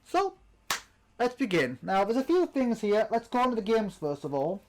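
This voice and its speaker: Young British male host, high voice, casual rambling unboxing chat. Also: sing-song, moderate pace, darkish tone. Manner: rambling, chatty, with many ums and restarts. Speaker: channel host.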